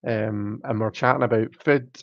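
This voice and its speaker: Gravelly British man chatting on a livestream. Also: on the low side, fairly even intonation, normal speed, dry recording, lo-fi sound. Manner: chatty, self-mocking, laughs often. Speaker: livestream host. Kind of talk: casual live chat reading viewer comments.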